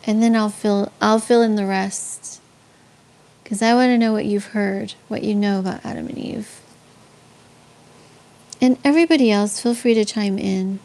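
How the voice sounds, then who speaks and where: This live-stream host, a San Antonio woman with a Tex-Mex accent, talks chattily with her viewers, answering their comments and sharing faith stories amid frequent ums and restarts. She speaks at a moderate, steady pace with a medium, darkish voice, pausing often.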